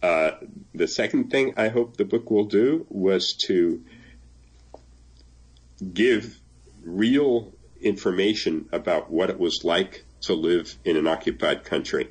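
A man's voice: low voice, slow pace, slightly rough. An older man translating a memoir, talking thoughtfully in an interview, reading passages aloud and laughing now and then. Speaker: translator and guest. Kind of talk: conversational interview.

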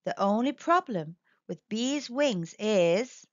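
A woman reading a children's picture book aloud, gentle and expressive. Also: medium pitch, slow pace, dry recording. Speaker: storyteller. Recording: dull dry recording.

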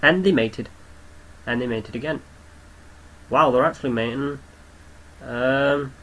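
A young man giving casual game commentary, excitable, swearing often and talking to the creatures on screen. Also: medium pitch, a little slow, long pauses, a little hiss or hum, low-quality recording. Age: young adult. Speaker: gamer commentator.

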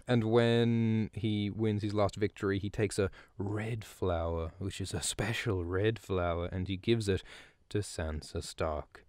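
A man's voice: fairly low pitch, darkish tone, smooth, no room sound, studio quality. A man hosting a podcast, recapping a book chapter in a rambling, jokey way with frequent swearing and asides. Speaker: podcast host. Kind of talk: casual book recap commentary.

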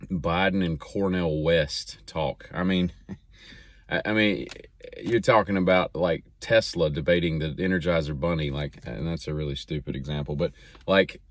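Deep-voiced rambling man, dry close sound. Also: no room sound. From American South. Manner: rambling, chatty, lots of fillers and restarts. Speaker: podcast host. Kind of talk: casual solo commentary.

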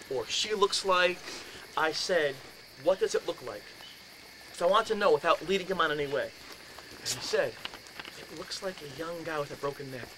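A man telling a ghost story to a group in a house, animated and acting out voices and sound effects. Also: on the high side, noisy background.

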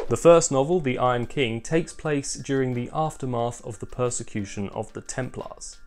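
A man's voice: medium pitch, normal speed, few pauses, darkish tone, faint music behind. A young man narrating a scripted book review video with wry, dry asides.

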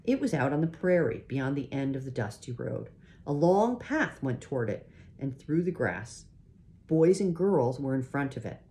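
A woman reading a children's chapter book aloud in a gentle, unhurried way, pausing to show the pictures. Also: very deep voice, sing-song, slight background noise. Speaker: reader.

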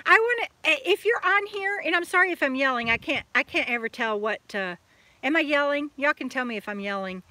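A woman's voice: high-pitched, lively intonation, brisk, pushed and bright, no room sound. A woman hosting a live chat outdoors at a campsite on a phone camera, chatty and laughing, often restarting her words. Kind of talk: casual live-stream chat.

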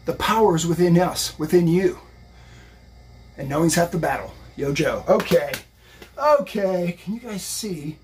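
A psychic and fitness streamer with a highish voice gives a casual, motivational tarot reading on a live stream while lifting weights. He rambles upbeat at a normal pace, with a little hiss or hum on the audio.

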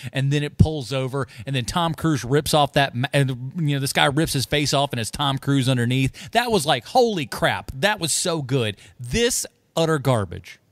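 A man's voice: mid-range voice, moderate pace, few pauses, dry recording, clean studio sound. A man co-hosting a podcast, mocking a film in casual chat and laughing as he talks. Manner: mocking, laughs while talking. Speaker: podcast co-host. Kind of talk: casual movie review chat.

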